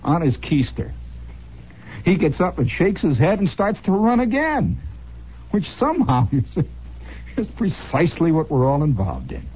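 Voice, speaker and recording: A male radio host spins wry, sardonic stories in a rambling monologue. His voice is very husky and mellow, and his pitch rises and falls a lot. It sounds like a dull, lo-fi old radio recording. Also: big pitch swings, moderate pace, pauses often.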